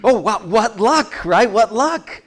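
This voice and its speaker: A male pastor preaching to his congregation, telling the story in a lively, conversational way with frequent chuckles and playful asides. His voice sits a little high for a man. He jumps between quoted voices and plain explanation. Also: takes it slowly. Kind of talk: sermon.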